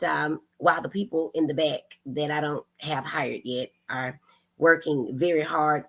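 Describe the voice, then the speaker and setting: A woman's voice: fairly low pitch, gravelly, sharp tone. A woman hosting a casual livestream, effusively greeting viewers by name and calling them honey and girl. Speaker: livestream host.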